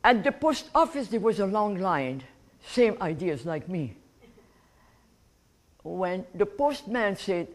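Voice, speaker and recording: Animated elderly woman. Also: mid-range voice, slow pace, long pauses. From Egypt. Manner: warm and animated, laughing at her own story. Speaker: guest speaker. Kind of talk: personal life storytelling to an audience.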